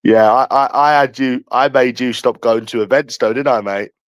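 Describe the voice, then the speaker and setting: This medium-pitched male voice moves at an ordinary speed with no room sound. The speaker, a young man from London, keeps jeering at someone in a mocking rant on a live stream.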